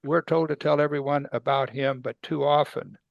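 A man's voice: medium pitch, moderate pace, creaky, no room sound, lo-fi sound. A man preaching a conversational sermon, asking rhetorical questions and acting out quoted voices. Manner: acts out quoted speakers with sudden loud excited bursts. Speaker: Bible teacher.

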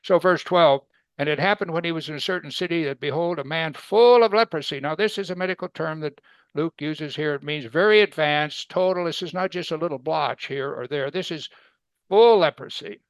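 Man teaching scripture, slightly high voice. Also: a little fast, smooth, no echo. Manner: conversational teaching with rhetorical questions; acts out quoted speakers with sudden loud excited bursts. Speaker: Bible teacher. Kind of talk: sermon.

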